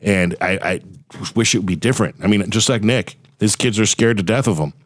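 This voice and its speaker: A man's voice: lowish voice, brisk, no echo, clean studio sound. A man hosting a podcast, asking questions in a friendly, easygoing way. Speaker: podcast host. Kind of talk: casual podcast chat.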